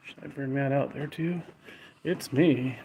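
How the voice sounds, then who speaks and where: Man calling out softly to spirits. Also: measured pace, gravelly, low-quality recording. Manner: low, hushed calls to unseen spirits. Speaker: paranormal investigator. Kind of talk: ghost-hunting walkthrough. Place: indoors in an old house at night. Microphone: handheld phone. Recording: steady background hiss and room noise.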